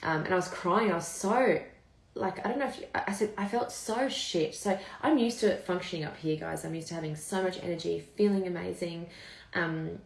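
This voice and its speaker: A woman's voice: fairly low pitch, moderate pace, gravelly. A woman in her thirties chatting candidly to viewers in a live vlog, telling her story casually and swearing freely. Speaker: vlogger. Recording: echoey room.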